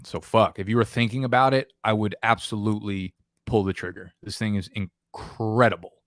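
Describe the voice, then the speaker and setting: A man's voice: lowish voice, no echo, clean studio sound. Profane, emphatic New York-area man. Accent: New Jersey/New York. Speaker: fantasy football host. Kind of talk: casual live stream chat.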